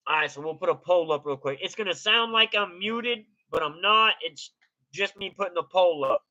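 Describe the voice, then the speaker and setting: A man's voice: high-pitched, normal speed, pushed and bright. A man hosting a casual live reaction stream, laid-back and greeting his chatters by name. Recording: dull lo-fi stream audio.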